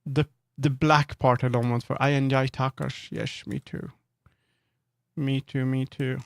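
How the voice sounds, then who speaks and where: Working on a live stream, a man talks casually, thinking out loud and correcting himself along the way. He speaks at a moderate pace in a medium, level voice that is clear and resonant, with dry, studio-quality sound.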